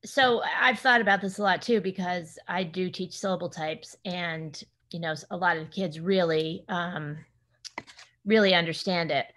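Lowish woman teacher, thoughtful. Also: normal speed, a bit bright. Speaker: teacher joining the discussion.

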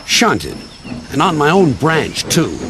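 Brief: proud little storybook tank engine, put on by a man, high and bouncy, quick to huff. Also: wildly swooping pitch, over music, heavily acted. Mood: huffy. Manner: boastful, impatient. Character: cheerful proud young male tank engine.

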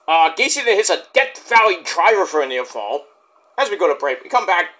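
Animated, bright-voiced man reviewing wrestling. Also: sits high, moderate pace. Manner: rambling, swearing, jokey asides. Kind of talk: casual spoken review.

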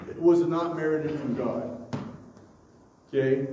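A man's voice: medium pitch, measured pace, long pauses, dark tone, slight background noise. A man preaching a sermon as pastor, emphatic and repetitive, often stopping to say "okay?" and "listen". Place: church sanctuary. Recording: echoey church hall, distant mic.

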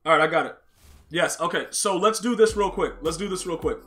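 A man's voice: on the high side, a little fast, fairly bright tone, soft background music. A man streaming a football video game live, talking brashly and casually to his chat, full of slang and trash talk. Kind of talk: live-stream gaming commentary.

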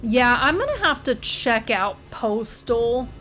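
Woman gamer for a let's-play, higher voice, slow unhurried delivery, cusses and cracks wry jokes, faint music underneath. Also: sing-song, bright, forceful tone. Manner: profane, jumpy outbursts and wry asides. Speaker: gamer playing a horror game. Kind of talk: casual let's-play commentary.

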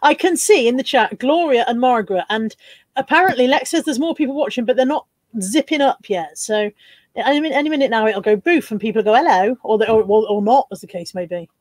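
A woman's voice: on the high side, fairly quick, a little mellow, no room sound. Chatty woman hosting a live stream. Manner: chatty, reads out viewer comments with bursts of laughter. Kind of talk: casual live stream chat.

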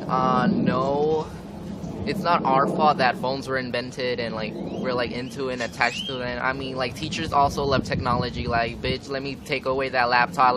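A young man ranting casually to camera for a vlog, swearing often and filling with "like". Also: mid-range voice. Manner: frequent swearing, ranting, many fillers. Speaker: vlogger. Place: outdoors, windy. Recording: wind and traffic noise outdoors.

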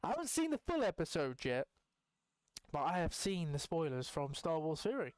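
A young man giving casual, rambling let's-play commentary as a gaming channel host, excitable and swearing freely. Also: fairly high pitch, normal speed, smooth, dry recording. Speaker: gaming YouTuber.

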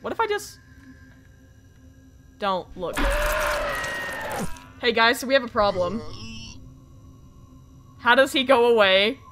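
A young woman streaming a horror game live, reacting with excitement, swearing, and thanking her viewers. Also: fairly high pitch, slow pace, pauses often. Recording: music playing faintly behind. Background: faint game music.

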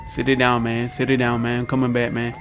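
Young man, gravelly, trash-talking gameplay commentary, gunfire noise behind. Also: mid-range voice, monotone, fast. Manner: trash-talking, repetitive taunts to opponents. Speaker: gaming YouTuber. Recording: noisy with gunfire in the background. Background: game gunfire and explosions.

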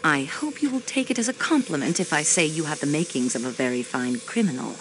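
A composed young clerk turned sleuth, lively voice, faint hiss behind. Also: female voice, low voice, fairly quick. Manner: probing, composed, precise. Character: sharp young female railway clerk investigating. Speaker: game protagonist.

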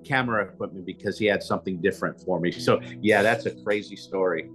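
A man telling a personal story as an interview guest, animated and acting out what others said. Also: sits low, fast talker, faint music behind. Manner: animated storyteller, repeats "he said" while acting out quotes. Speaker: prophet and guest speaker.

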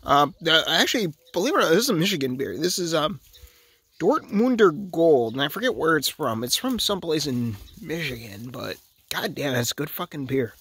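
A drunk man with a Wisconsin accent rambles and curses as he chats with cows outdoors. His voice sits high and swings up and down with animated energy. He is filming on a handheld camera. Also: normal speed, husky, no room sound. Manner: rambling, profane, talks to the cows. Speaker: vlogger. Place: outdoors by a cow pasture. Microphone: handheld camera he films with.

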